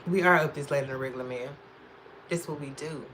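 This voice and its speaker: A woman's voice: rumbling low, fairly quick, a bit bright, slight background noise. A woman hosting a casual makeup livestream, chatting with viewers, answering their comments and laughing often.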